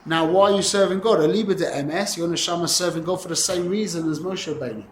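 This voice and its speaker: In an echoey classroom with a faint ambient murmur and a little hiss or hum, a somewhat high-voiced man leads students through Tanya. His Torah class is animated, sprinkled with Hebrew and Yiddish terms, and full of self-corrections and restarted sentences.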